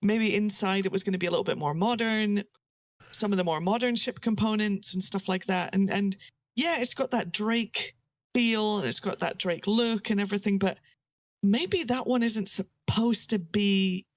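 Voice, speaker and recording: A woman's voice: mid-range voice, normal speed, no room sound. Female podcast guest, mid-range voice, dry close sound, playful and chatty. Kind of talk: casual group chat.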